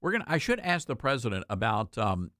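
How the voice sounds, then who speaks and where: A man's voice: mid-range voice, sing-song, fairly quick, fairly bright tone, no room sound, clean studio sound. A man hosting a talk radio show, speaking in an emphatic, folksy way.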